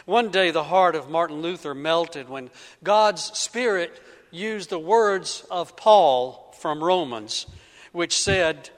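A man's voice: a little high, lively intonation, takes it slowly. A male pastor preaching a sermon, telling a story with frequent restarts and repeated words. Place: church sanctuary. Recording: echoey church sanctuary.

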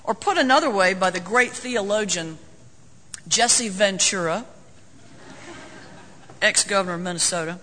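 A man's voice: high-pitched, unhurried, pauses often, bright, forceful tone, slight background noise. A man preaching a sermon as a folksy, joking storyteller. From North Carolina, US. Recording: long hall reverb.

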